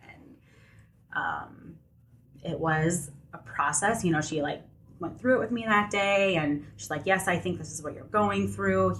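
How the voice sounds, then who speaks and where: A woman's voice: sits low, fairly bright tone, a little hiss or hum. A young adult woman, a podcast guest, telling a personal story candidly in conversation, filling her speech with "like" and "you know.".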